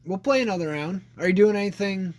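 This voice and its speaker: A man's voice: high-pitched, expressive, fast. Crude young man laughing through stories. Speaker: podcast co-host. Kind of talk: casual chat.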